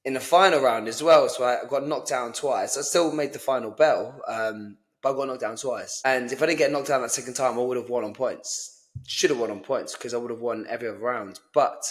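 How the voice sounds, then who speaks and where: A young man talks boxing mindset in a loose, blunt way and swears now and then. His voice sits at an ordinary middle pitch for a man. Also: a little fast. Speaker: boxing coach and podcast host. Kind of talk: casual motivational chat.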